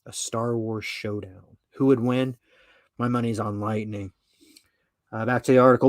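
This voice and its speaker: A man's voice: mid-range voice, fairly even intonation, normal speed, dry recording, clean studio sound. A man hosting a podcast who reads an article aloud and comments on it in a rambling, profane way. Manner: profane, rambling, full of fillers and asides. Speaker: podcast host.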